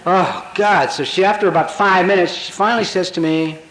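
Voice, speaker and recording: A man's voice: high-pitched, a little fast, fairly bright tone. A man in his fifties telling his story at a recovery convention, blunt, wry and emphatic, with the odd curse for punch. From Colorado, USA. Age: 50s. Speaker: recovery speaker. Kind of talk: comic confessional storytelling speech. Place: large convention hall with audience. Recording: echoey 1980s convention hall tape.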